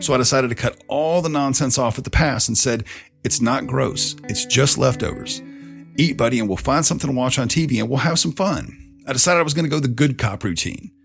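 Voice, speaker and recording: A man with a gravelly, creaky edge to his voice tells a confessional personal story at a middling pitch. He talks frankly and swears freely. Soft guitar music plays faintly behind him. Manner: candid and profane, swears freely; grows louder and tense in the angry stretch, then drops low and quiet. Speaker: storyteller, father.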